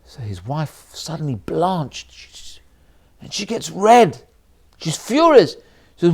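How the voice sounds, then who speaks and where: A man's voice: on the high side, big pitch swings, slow pace, creaky, long pauses, a little mellow, husky. A man, a rabbi, telling a story in a sermon and acting out the characters' voices as he goes.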